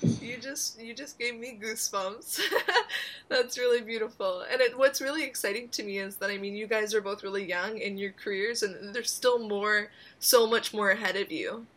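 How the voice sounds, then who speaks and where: Bright enthusiastic woman host. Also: mid-range voice, fairly even intonation, normal speed. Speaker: podcast host. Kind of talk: interview questions.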